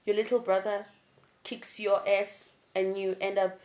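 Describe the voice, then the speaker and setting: A young woman, chatting candidly to her camera as a vlogger, swinging between laughter and low, emotional tones. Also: little pitch movement, a little slow, a little mellow. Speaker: YouTube vlogger. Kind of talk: casual chat to camera.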